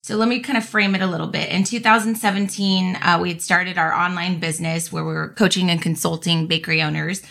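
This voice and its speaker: Woman, podcast host, bright voice, energetic, enthusiastic, casual talk. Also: fairly low pitch, fast talker, vocal fry, few pauses.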